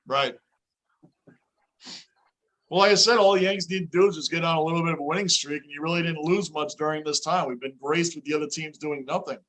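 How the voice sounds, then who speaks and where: New guy hosting a baseball watch-along, kinda high voice, gets loud and hyped on big plays. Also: fast. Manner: animated, yells with excitement at big plays. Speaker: host.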